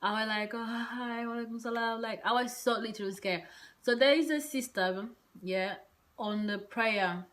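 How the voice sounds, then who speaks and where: A woman vlogger telling a personal story in a casual, rambling way, full of hesitant fillers and soft whispered asides. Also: on the high side, normal speed.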